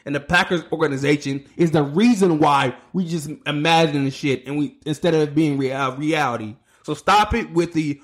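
A man's voice: fairly high pitch, normal speed, few pauses. Heated man ranting on a sports podcast. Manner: heated, ranting, swearing, stumbling over words. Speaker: podcast host. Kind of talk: solo sports podcast rant.

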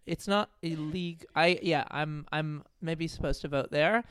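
A man's voice: on the high side, measured pace, a bit bright, clean tone, no room sound. A man from New Zealand co-hosting a podcast, chatting casually and joking wryly, with some swearing. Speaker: podcast co-host. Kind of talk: casual chat. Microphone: studio podcast microphone.

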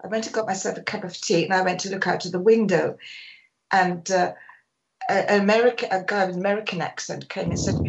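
An older woman, a sports photographer, telling animated stories in a radio interview and acting out quotes. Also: mid-range voice, fast talker, gravelly, poor audio. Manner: animated storyteller, acts out quotes.

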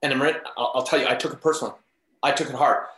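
An interview guest with a medium-pitched voice races through casual stories, animatedly acting out the voices of the people in them. The recording has a roomy echo.

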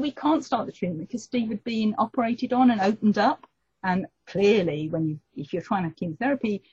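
Husky, dark-voiced woman telling a story. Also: medium pitch, no echo. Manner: animated storyteller, acts out quoted voices. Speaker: guest telling her story. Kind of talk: personal storytelling in an interview. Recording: dull lo-fi recording.

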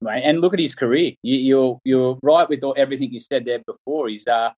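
Man, Australian accent, mid-pitched, casual storyteller, podcast guest. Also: a little fast, darkish tone, dull audio. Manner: anecdotal storyteller. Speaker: former cricketer guest.

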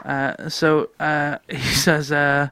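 A man with a high voice tells a funny story on a casual podcast, laughing often as he goes. The recording is dry and close, with no room sound. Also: monotone, slow, pushed and bright, clear, resonant tone, dry recording. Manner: laughs often while telling stories. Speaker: podcast co-host.

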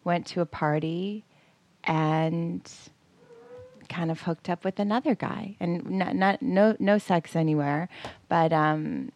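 On the low side and taking it slowly, this woman's voice comes through a dry, muffled recording. In her forties, she co-hosts a podcast and tells a personal story with animated delivery, acted-out quotes, and frequent fillers.

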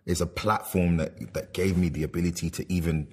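A man being interviewed in a clip, relaxed and conversational, laughing easily. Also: low voice, brisk, husky. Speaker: actor interviewee.

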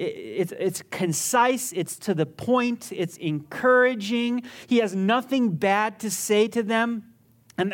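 A pastor preaching a sermon emphatically, often repeating words and restarting phrases, shifting between urgent stretches and quiet low passages.

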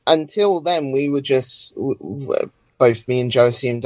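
A man's voice: medium pitch, unhurried, no room sound. Young man, easygoing brief answers, dry close sound. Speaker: guest, wheelchair user. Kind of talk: podcast interview.

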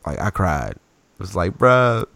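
A man chatting casually about sports as a podcast co-host, telling stories in an animated, slangy way. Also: low voice, normal speed, no room sound.

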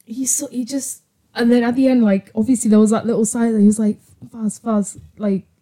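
A young woman hosting a podcast, telling a work story in a rambling, animated way and laughing through it. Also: on the high side, fast. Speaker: podcast host. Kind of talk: casual chat, storytelling.

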